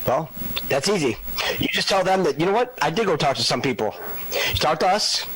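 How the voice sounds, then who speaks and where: A man's voice: on the high side, expressive, fairly quick, a bit bright, slight background noise, poor audio. A man interviewing in a played-back clip, casual, joking and supportive toward his guest. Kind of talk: conversational interview.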